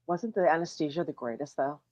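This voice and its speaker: A woman's voice: low voice, a little fast, darkish tone, no echo, muffled recording. A woman hosting a talk show, greeting chat viewers and teasing her guest with laughing questions. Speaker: host. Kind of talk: casual chat. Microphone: remote video call.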